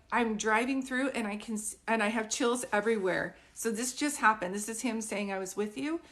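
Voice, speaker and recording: A woman speaks as a psychic medium in a live online group reading. She talks in a loose, conversational way, full of "like" and quick asides. She keeps pausing to ask whether what she says makes sense. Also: a little high, a bit bright. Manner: chatty, keeps checking "does this make sense".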